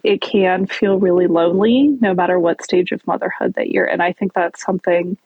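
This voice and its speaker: A woman's voice: on the low side, steady tone, fairly quick, slightly rough, no room sound, lo-fi sound. A woman who is a guest on a podcast, speaking openly and reflectively. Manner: open, reflective, laughs easily. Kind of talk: casual podcast interview.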